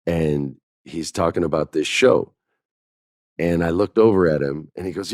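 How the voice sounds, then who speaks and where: A middle-aged man hosting a podcast, casually telling a lively anecdote and acting out quoted dialogue with laughs. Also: low voice, brisk, no room sound, clean studio sound. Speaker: podcast host. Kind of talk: casual storytelling.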